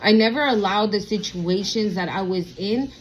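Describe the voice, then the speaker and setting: A sassy woman in her thirties talks bluntly through a casual spiritual vlog, her pitch sitting in an ordinary middle range. She reads tarot and swears freely in loose slang. A faint hum hangs behind her. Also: moderate pace, rough recording. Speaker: tarot reader.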